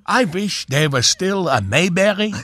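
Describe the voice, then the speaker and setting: A cranky elderly rabbi with a high, bright, sharp voice, as a man puts him on for a radio comedy bit. He kvetches and wisecracks, and his pitch swings widely as he complains. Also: animated, a little slow, full character voice. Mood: grumbling wisecracks. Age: older. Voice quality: kvetching, wisecracking, Yiddish-peppered. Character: cranky elderly male rabbi, crude and grumbling. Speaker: comedy character on morning radio.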